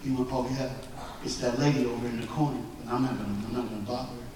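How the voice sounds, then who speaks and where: A man in his forties gives a motivational talk in a school hall. He tells his stories with animated swings between hushed and loud. The recording is made from far off, with heavy echo and clear room noise. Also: mid-range voice, rapid-fire. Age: 40s. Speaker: motivational speaker. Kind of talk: storytelling speech to a school audience. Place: large echoey school hall.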